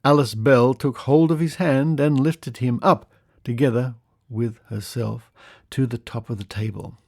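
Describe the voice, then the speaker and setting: A man's voice: medium pitch, fairly even intonation, unhurried, vocal fry, darkish tone, dry recording. A man hosting a podcast, reading old newspaper stories aloud and breaking off for dry, wry comments of his own. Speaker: podcast host.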